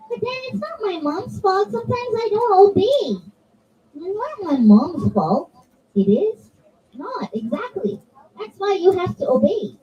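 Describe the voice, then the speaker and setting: Lively high-voiced woman teaching children. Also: recorded from a distance, dull audio. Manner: animated, acts out examples in voices. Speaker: children's religious class speaker. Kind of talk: interactive talk to children. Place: religious center hall.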